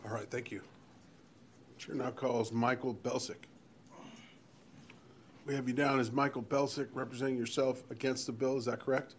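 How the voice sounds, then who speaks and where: A man presiding over a committee hearing, calling up witnesses in a brisk, procedural way. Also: mid-range voice, steady tone, a little hiss or hum. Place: legislative hearing room.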